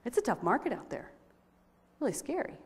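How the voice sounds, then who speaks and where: Animated woman telling a story in a reverberant hall. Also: a little high, a little fast. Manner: animated, expressive storytelling with laughter. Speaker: speaker sharing a personal testimony. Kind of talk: storytelling to a women's audience.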